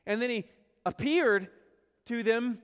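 A man's voice: very high voice, slow pace, clean tone. A man preaching a sermon as pastor, earnest, with rhetorical questions, swelling and dropping his voice. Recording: long hall reverb.

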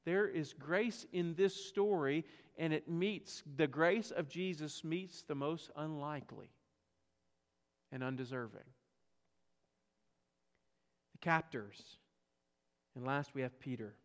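A man's voice: a little high, slow pace, pauses often. Southern man preaching in a big hall. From South Carolina. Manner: swings from hushed to loud and emphatic, rhetorical questions. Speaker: pastor. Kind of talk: sermon.

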